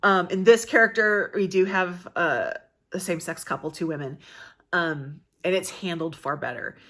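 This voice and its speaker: Speaking at normal speed in a lowish, slightly bright voice, an American book vlogger chats casually through a review. She thinks aloud, with plenty of filler words and restarted sentences.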